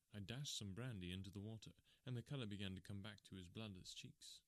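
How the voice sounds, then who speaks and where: A man narrating a storybook in a measured, even reading style. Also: fairly low pitch, no room sound. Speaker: audiobook narrator.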